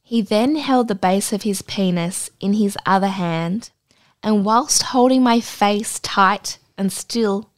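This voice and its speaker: A woman co-hosting a podcast, reading a listener's story aloud in a dry, deadpan way and adding blunt asides. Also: medium pitch, slow, no room sound. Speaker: podcast co-host.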